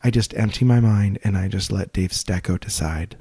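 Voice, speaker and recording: A man's voice: lowish voice, normal speed, mellow, husky, dry recording. A man co-hosting a podcast, bantering playfully with crude wisecracks. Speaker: podcast co-host. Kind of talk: casual podcast chat.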